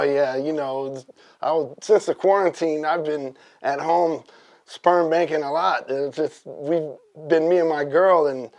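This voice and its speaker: A man guesting on a comedy talk show, telling rambling jokes in a deadpan, drawling way. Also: a little high. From Northern California.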